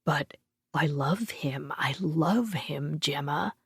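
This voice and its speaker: A woman reads a huge, needy male monk in a fantasy audiobook, soft and hushed as he sobs. The voice sits low and dry. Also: monotone, takes it slowly, dry recording. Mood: tearful.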